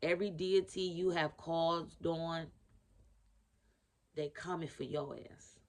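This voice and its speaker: A woman's voice: low voice, steady tone, takes it slowly, darkish tone. A woman giving a casual spiritual reading to camera in a blunt, profane, emphatic way, repeating her key phrases. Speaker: spiritual reader.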